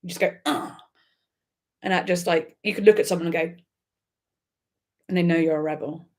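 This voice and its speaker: A livestream host reacting to music speaks at normal speed in a fairly low, darkish voice with fairly even intonation. She chats casually and gigglingly with viewers, using lots of fillers and starting sentences over.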